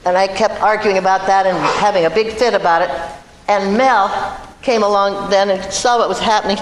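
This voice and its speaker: A woman's voice: mid-range voice, steady tone, fairly quick. An older woman from Iowa, a guest actress telling chatty, self-amused stories to a live audience. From Iowa, USA. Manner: chatty, self-amused anecdotes with frequent laughs. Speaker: guest actress at a film event. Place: large hall before an audience. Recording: echoey hall with loud noise.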